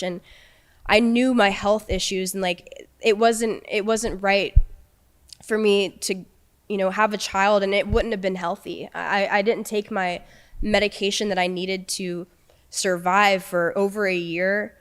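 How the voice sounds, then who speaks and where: A young woman speaks as a podcast guest, recounting her own experiences. Her voice is smooth and clear at a middle pitch. She talks haltingly, restarting phrases and leaning on fillers. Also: fairly even intonation. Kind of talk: personal storytelling.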